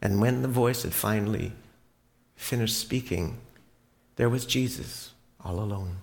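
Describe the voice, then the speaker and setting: Slow theatrical male storyteller. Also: on the low side, gravelly, a little mellow. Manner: theatrical, dropping to whispers. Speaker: preacher. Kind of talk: dramatic Bible storytelling.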